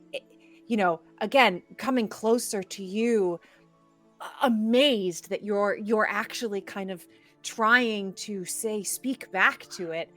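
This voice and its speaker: A woman running a tabletop game, narrating slowly and softly, her words drawn out with care. Faint music plays beneath her voice as she paints the scene. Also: mid-range voice. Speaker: game master.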